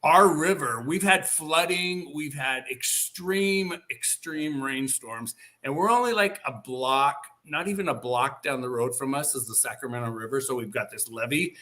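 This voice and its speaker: A man hosting a casual live video-call chat, talking in a rambling, animated way with many fillers. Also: medium pitch, moderate pace, few pauses. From Northern California. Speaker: host.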